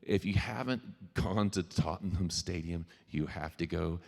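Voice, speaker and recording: Gravelly and low with a darkish edge, a male singer-songwriter from the US South, Louisiana specifically, keeps a measured pace through his conversational keynote. He's the featured speaker before a live audience, joking, drifting into tangents, addressing listeners and cursing freely. Long reverb from the hall PA surrounds him.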